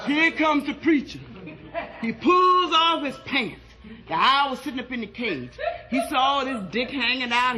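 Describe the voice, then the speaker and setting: Brash woman comedian, high bright voice, bawdy stand-up delivery. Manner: brassy, shouting punchlines, drawn-out delivery. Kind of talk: bawdy stand-up joke telling.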